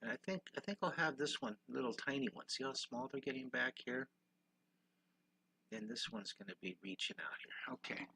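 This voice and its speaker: A man's voice: mid-range voice, expressive, normal speed, creaky, pushed and bright, slight background noise. An older man teaching a live-stream drawing lesson, upbeat and encouraging, greeting viewers while he draws.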